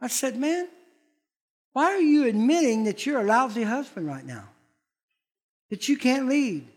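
A man's voice: very high voice, big pitch swings, a little slow. An older man, a pastor, preaching a sermon in a folksy, blunt manner and acting out quoted voices.

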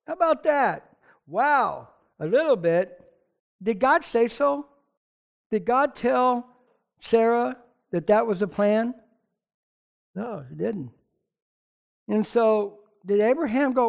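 A man preaching a sermon to his church in a lively, conversational way, with chatty asides. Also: very high-pitched, measured pace, gravelly, long pauses. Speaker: pastor.

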